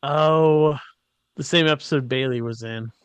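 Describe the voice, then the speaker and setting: A podcast co-host with a medium-pitched, clean voice speaks without hurrying as he casually recaps an episode. He's jokey, mimicking the characters whenever he quotes them.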